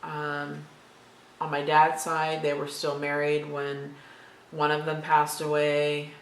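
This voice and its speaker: Chatty woman with a gravelly voice. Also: sits low, completely flat delivery, slow pace. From Florida, USA. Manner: chatty, rambling, matter-of-fact. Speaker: vlogger answering tag questions. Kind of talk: casual chat reading questions aloud. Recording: echoey room with faint background noise.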